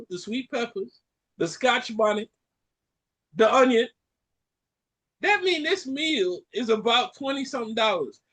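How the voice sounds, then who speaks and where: A Caribbean man hosting a podcast, ranting in an animated way and repeating lines for effect. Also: very high-pitched. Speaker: podcast host. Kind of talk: casual chat.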